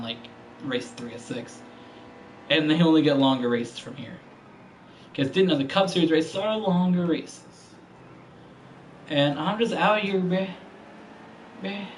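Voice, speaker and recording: A man's voice: medium pitch, a little hiss or hum, rough recording. A man streaming a racing game, talking casually with heavy slang and profane trash talk. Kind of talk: casual gaming commentary.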